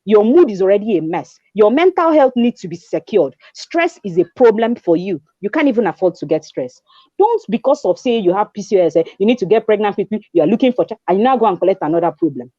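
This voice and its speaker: A lively young Nigerian woman tells her own story, her pitch rising and falling widely as she acts out each exchange. Her voice is warm and mellow, recorded close and dry. The audio sounds a little dull and lo-fi. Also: fast talker, no room sound. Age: 20s. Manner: animated storyteller, acts out dialogue, mixes in pidgin. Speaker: guest. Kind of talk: conversational testimony.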